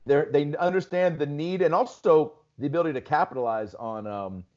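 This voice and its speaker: Talking a little fast in a fairly high but darkish voice, a Seattle-born stand-up comic spins loose stories on a podcast. "Dude" and "like" pepper his casual chat, and the recording sounds muffled.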